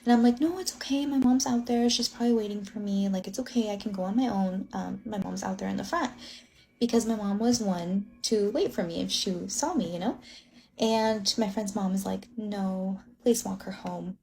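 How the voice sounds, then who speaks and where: A woman's voice: mid-range voice, moderate pace, creaky, dark tone. Woman rambling through a ghost story. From Illinois. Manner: rambling, many "like" fillers. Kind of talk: casual first-person ghost story.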